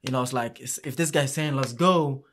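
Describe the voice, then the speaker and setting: A man tells stories from running a youth soccer camp in a relaxed interview. His voice sits at an ordinary middle pitch. He is animated and halting, restarting sentences often. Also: a little hiss or hum. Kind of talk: casual storytelling in an interview.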